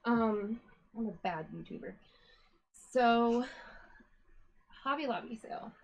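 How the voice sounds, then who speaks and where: A woman's voice: on the high side, slow, gravelly, a little mellow, poor audio. A woman hosting a yarn-dyeing live stream, chatting casually, greeting viewers one by one and a little out of breath. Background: a dog whining now and then.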